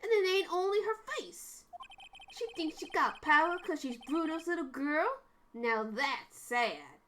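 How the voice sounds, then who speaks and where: A woman voicing a gruff male loan-shark thug with a Staten Island accent, reading a video game's dialogue aloud. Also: high voice, expressive, measured pace, fairly bright tone, a little hiss or hum. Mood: scornful. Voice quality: gruff, tough-talking.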